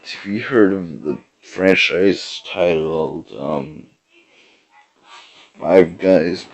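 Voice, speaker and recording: A man hosting a podcast, delivering a rambling deadpan comedy monologue full of fillers and hesitations. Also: low voice, very slow, vocal fry, long pauses, poor audio. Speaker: podcast host.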